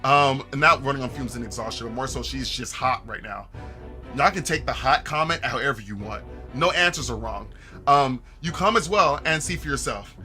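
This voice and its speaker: A man's voice: mid-range voice, animated, moderate pace, pushed and bright, soft background music. A young man streaming a game, reading its dialogue aloud, joking with chat and laughing often. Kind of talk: casual let's-play commentary.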